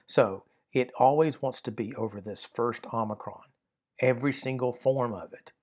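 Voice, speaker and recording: A man's voice: mid-range voice, moderate pace, darkish tone. Male teacher, mid-range voice, patient, methodical classroom explainer. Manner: patient, methodical, repeats key points. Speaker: Greek grammar teacher.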